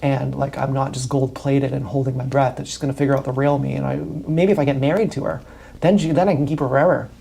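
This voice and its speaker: A man's voice: mid-range voice, steady tone, fast talker, creaky, dark tone, husky. A man livestreaming a rambling, profane, meandering monologue with emphatic bursts.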